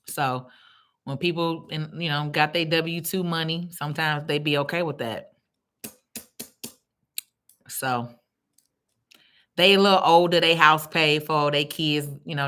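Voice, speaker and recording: Chatty woman, low bright voice. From Chicago. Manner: chatty, animated, reads comments aloud. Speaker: livestream host. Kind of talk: casual chat reading viewer comments.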